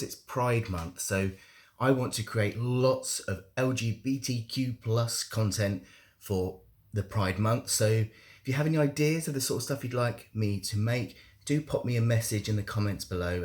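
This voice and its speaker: A man's voice: on the low side, darkish tone. A young man vlogging in a casual, candid way, joking about himself. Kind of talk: casual monthly vlog.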